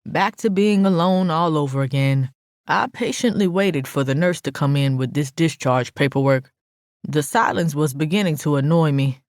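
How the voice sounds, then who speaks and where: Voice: medium pitch, no room sound, clean studio sound. Brash, profane audiobook narrator. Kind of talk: first-person audiobook narration.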